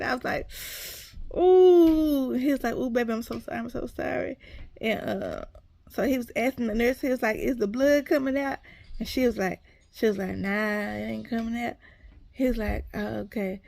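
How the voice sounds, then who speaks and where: Animated and chatty, this woman recounts a story to her viewers, quoting others and addressing them as "y'all." Her voice is a little high and gravelly, and the recording is dry.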